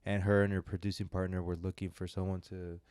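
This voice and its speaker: A man's voice: low-pitched, level tone, fast, a little mellow, clear, resonant tone, no room sound, studio quality. A young man co-hosting a film podcast, talking in a loose, rambling way with lots of fillers and self-deprecating asides. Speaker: podcast co-host reviewing films. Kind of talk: casual podcast chat.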